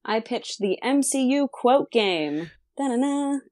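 A woman's voice: a little high, expressive, slow, no echo, clean studio sound. Bubbly laughing woman podcast co-host. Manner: bubbly, laughs often, teasing. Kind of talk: casual podcast chat.

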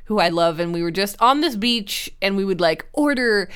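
A woman's voice: medium pitch, lively intonation, normal speed, a bit bright, clear, resonant tone. Giggly, chatty woman. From Canada. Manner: chatty, giggly and self-mocking, with many fillers. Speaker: podcast co-host and book YouTuber. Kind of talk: casual chat.

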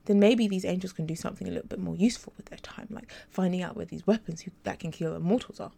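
Defensive heroine, strained and wary, read by a woman narrator. Low, mellow tone. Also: quick pace, vocal fry. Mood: insistent. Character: guarded young woman advisor, tense and defensive. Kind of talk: audiobook character reading.

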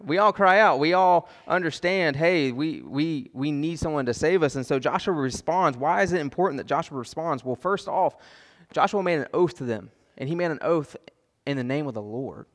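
A man's voice: on the high side, moderate pace, long reverb tail. A man preaching a sermon as pastor, impassioned, repeating phrases for emphasis and acting out prayers.

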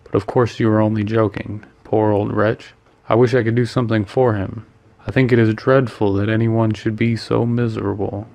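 Man reading earnest young gentleman, soft-hearted, flustered, low voice. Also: little pitch movement, moderate pace, creaky.

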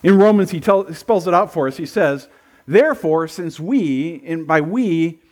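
A man's voice: fairly high pitch, normal speed. A middle-aged male pastor giving a sermon in a loose, conversational way, full of asides and restarts.

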